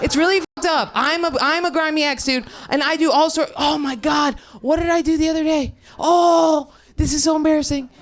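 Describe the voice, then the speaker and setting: A woman's voice: high voice, fairly even intonation, moderate pace, hardly any pauses. A young woman doing an improvised stand-up set, brash and rambling, laughing through her punchlines. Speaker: stand-up comedian.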